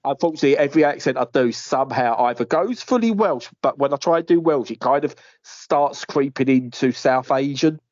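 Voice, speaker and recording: A man's voice: medium pitch, a little fast, hardly any pauses, darkish tone, no room sound. A man hosting a gaming podcast, playful and jokey in casual chat. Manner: playful, jokey, jumps into silly voices. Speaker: podcast host. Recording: dry, dull lo-fi podcast audio.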